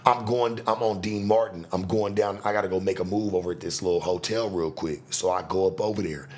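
A man's voice: deep voice, steady tone, brisk. A man hosting a podcast, telling a street story in casual, profane slang. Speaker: podcast host.

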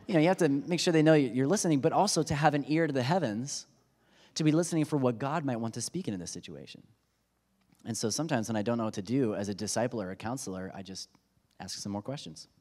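In a slightly mellow, medium-pitched voice and at a fairly quick pace, the thirties-aged pastor gives his sermon in the church sanctuary. He stays conversational and self-deprecating, often performing quotes with humor, under the hall's long reverb.

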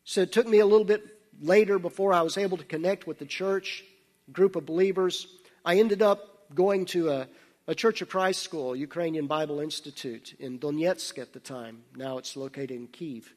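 Male preacher, higher voice, storytelling sermon in a big echoing hall. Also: normal speed. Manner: anecdotal, laughing, drops to hushed tones for serious moments. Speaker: missionary speaker. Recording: long hall reverb.

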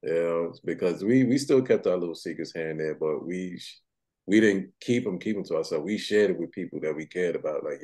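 Deep, dark-toned man chatting. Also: brisk. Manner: slangy, emphatic, repeats words. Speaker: podcast co-host. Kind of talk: casual chat.

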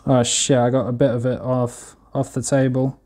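A man's voice: mid-range voice, flat delivery, moderate pace, dark tone, poor audio. A young man casually chatting to his viewers while he cooks on a livestream, in a laid-back, slangy way. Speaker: streamer. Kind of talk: casual cooking livestream chat.

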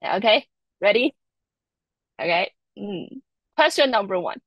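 A woman's voice: a little high, animated, moderate pace, creaky, husky, dry recording, dull audio. A woman from Taiwan, a native Mandarin speaker, teaching Chinese tones in a live online lesson, patiently repeating each example. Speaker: Chinese language instructor.

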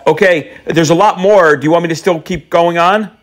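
Deadpan rambling prank-calling man. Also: fairly high pitch, normal speed. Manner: deadpan, rambling, playfully absurd. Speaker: prank caller. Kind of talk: prank phone call.

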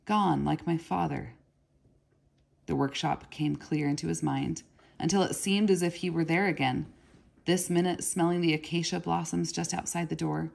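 Woman reading a kids novel out loud, low gravelly voice, calm pace. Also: moderate pace. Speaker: narrator reading aloud. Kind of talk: read-aloud storybook narration.

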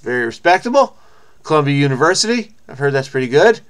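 A man hosting a crossword video, reading an article aloud and breaking in with excitable exclamations and asides. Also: fairly high pitch, quick pace, clean tone. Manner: excitable, interrupting himself with exclamations; reads an article aloud, then reacts. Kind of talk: reading aloud with running commentary.

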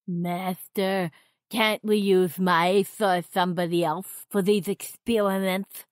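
A woman's voice: medium pitch, fairly even intonation, takes it slowly, no room sound, clean studio sound, natural voice. Woman doing a weary male servant. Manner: tired, complaining. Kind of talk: storybook reading.

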